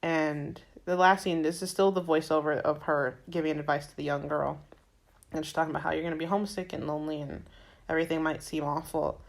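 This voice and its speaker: A woman's voice: low voice, flat delivery, a little fast, creaky. A woman with a Florida accent co-hosting a podcast, chatting casually and retelling film scenes with lots of "like" and "um". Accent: Floridian American. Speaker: podcast co-host. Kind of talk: casual chat.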